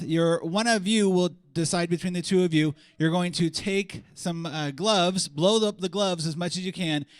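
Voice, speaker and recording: A man hosting a live stage event, calling names and directing a game with energetic, joking instructions. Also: high voice, no room sound, studio quality. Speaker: host. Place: convention stage before a live audience.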